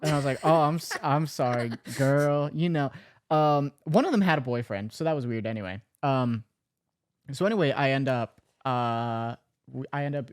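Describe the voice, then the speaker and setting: A man's voice: mid-range voice, clear, resonant tone. A man as the guest in casual chat, rambling, correcting himself and laughing a lot.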